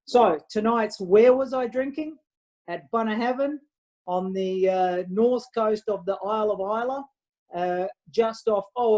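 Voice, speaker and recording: A woman's voice: medium pitch, mellow, rough recording. A woman from Australia hosting a casual live-streamed wine show, chatting in a rambling way with lots of fillers.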